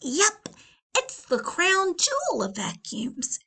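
A woman's voice: slow pace, gravelly, full character voice. A woman voicing an eager middle-aged man who brags about a new vacuum cleaner, in a storybook read-aloud. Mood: boastful. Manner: excited, boastful sales pitch.

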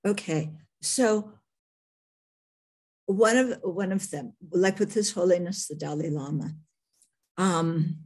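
Woman teacher from the United States, unhurried, slightly husky, restarts her sentences as she thinks. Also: on the low side, darkish tone. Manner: thoughtful, halting, with many restarts. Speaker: Buddhist nun teacher. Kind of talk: Q&A talk telling a story.

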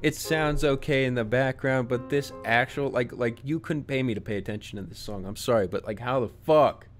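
A young man streaming casual music reaction commentary, profane and incredulous, often breaking into loud outbursts. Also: medium pitch, normal speed. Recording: song playing faintly behind.

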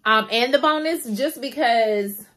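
A young woman chatting to her viewers in a casual vlog, animated and laughing often, recorded on a phone. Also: on the high side, measured pace. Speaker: beauty vlogger. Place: in a car, then outdoors at night in the cold.

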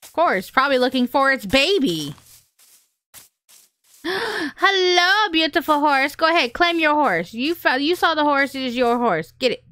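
A woman hosting a gaming channel, chatting casually and excitably through gameplay, often squealing and laughing. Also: high voice, measured pace, dry recording.

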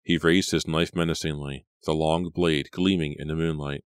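A man reading a horror audiobook in a measured, steady narration. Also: extremely low pitch, clear, resonant tone, dry recording. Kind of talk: scripted narration.

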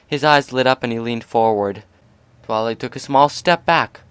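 A man narrating a fan fiction story aloud in a steady, even delivery. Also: mid-range voice, normal speed, clear, resonant tone, no room sound.

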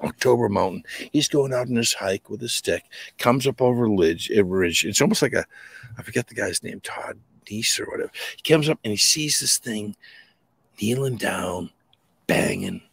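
A man from New England with a Boston accent, a podcast guest telling rambling, animated anecdotes in casual conversation. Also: lowish voice, normal speed, creaky, slightly rough, no echo. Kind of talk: casual storytelling.

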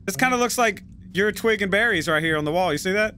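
A man's voice: high-pitched, animated, fast, sharp tone, a little hiss or hum. A man hosting a voice chat while gaming, joking, teasing and swearing with friends. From United States. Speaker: streamer host.

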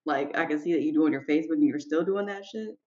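Low-voiced woman podcast co-host. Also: fast, darkish tone, lo-fi sound. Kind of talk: casual chat.

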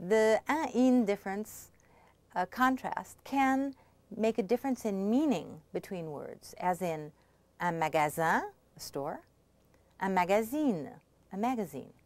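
Woman instructor, mid-pitched, patient and clear, dry recording. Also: animated, a little slow, darkish tone, dry recording. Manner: patient, clear explaining with frequent check-ins. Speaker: language instructor. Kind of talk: scripted pronunciation lesson.

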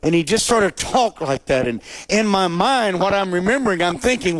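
A man preaching his testimony as a dramatic storyteller, swinging between loud, high emphasis and quiet, low asides before a live audience. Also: expressive, brisk, few pauses, no echo. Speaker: evangelist telling his testimony.

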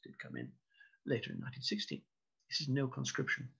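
Gravelly man giving a history lecture. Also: medium pitch, big pitch swings, bright, forceful tone. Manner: measured, storytelling, wry asides. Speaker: local historian giving a talk. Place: indoors, online broadcast talk. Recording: dull lo-fi recording.

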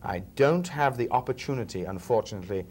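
A man's voice: medium pitch, lively intonation, fast, darkish tone, a little hiss or hum. A man, telling stories as a film actor being interviewed, chatty and chuckling now and then. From England, Liverpool. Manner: chatty storyteller, often chuckling. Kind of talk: relaxed interview chat.

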